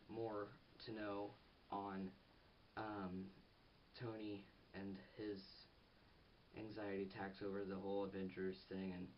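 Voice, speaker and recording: A teenage boy giving a rambling, excitable casual film review for his vlog. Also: lowish voice. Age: teens. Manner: rambling and excitable, with restarts and giggles. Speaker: movie reviewer. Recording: distant, dull lo-fi audio with faint hiss.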